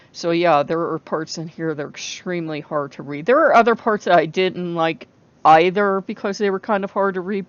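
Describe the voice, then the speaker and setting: A person talks candidly to camera, rambling and often breaking off mid-thought with a laugh. The voice is gravelly and sits mid-range. The recording is dull and lo-fi. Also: medium pitch. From United States. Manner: candid and emotional. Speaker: book vlogger. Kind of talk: casual talk to camera.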